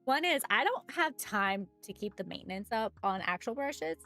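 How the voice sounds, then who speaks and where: A woman's voice: mid-range voice, sing-song, moderate pace, pushed and bright, faint music behind. A woman chatting casually on a live stream as she paints miniatures, greeting viewers by name and laughing often.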